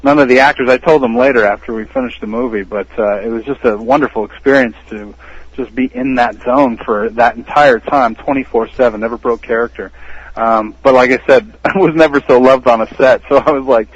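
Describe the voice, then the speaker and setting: A man from the United States, an actor and podcast guest, telling stories in a casual interview, animated and laughing often. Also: mid-range voice, brisk, slightly rough, no room sound, dull audio.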